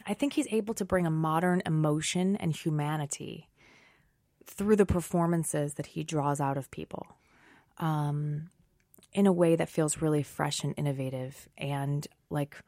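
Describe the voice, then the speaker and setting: Low-voiced chatty actress, dry sound. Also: female voice, a little mellow, no room sound. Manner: chatty, self-deprecating, quick to laugh. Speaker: Broadway actress guest. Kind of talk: casual interview chat.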